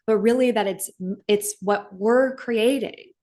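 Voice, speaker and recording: Woman, live-stream host, heartfelt and gushing, everyday pitch, webcam sound. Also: normal speed, a little mellow. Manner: gushing and heartfelt, tearing up at times, fillers like "like". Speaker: host of a live stream for her business community. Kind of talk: emotional motivational live stream.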